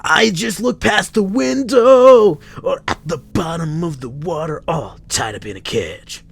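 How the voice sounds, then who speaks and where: A man voicing a male stranger who cries out to heaven in slow, drawn-out, pleading lines. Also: on the high side, expressive, gravelly, husky, pitched above the performer's own voice, full character voice. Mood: wistful.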